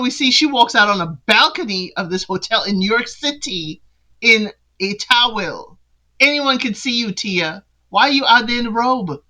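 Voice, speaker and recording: Brief: a woman host with a bright, clear voice, giving blunt, sassy reality-show commentary. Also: mid-range voice, low-quality recording. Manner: sassy, opinionated, talks straight to the people she recaps. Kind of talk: casual recap commentary.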